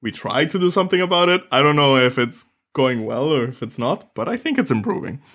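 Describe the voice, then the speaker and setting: A man talking casually as a podcast co-host, lively and quick to laugh. His voice climbs sharply when he gets worked up, then settles back into easy chat. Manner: animated, laughs often, rises in pitch when excited.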